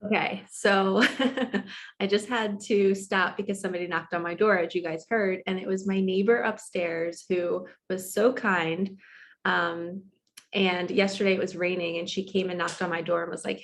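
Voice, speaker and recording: A woman's voice: medium pitch, normal speed. A woman giving a tarot reading from her apartment, telling stories in a chatty way and acting out the people she quotes. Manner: chatty storytelling, quotes others in lively voices. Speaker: spiritual tarot reader. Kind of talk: casual spiritual vlog talk.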